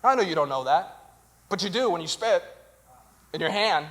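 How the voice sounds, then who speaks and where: A young man preaches with his voice pitched very high. He tells the story in an animated, comic way and acts out other people's voices along the way. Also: normal speed. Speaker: pastor. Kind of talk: comedic sermon. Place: church stage.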